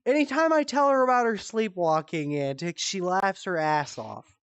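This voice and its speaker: Animated swearing woman telling a story. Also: normal speed, smooth, no echo, dull audio. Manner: animated, swearing freely, jumps into high voices for quotes. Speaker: comedy show host. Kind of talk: casual storytelling. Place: virtual-world live stream.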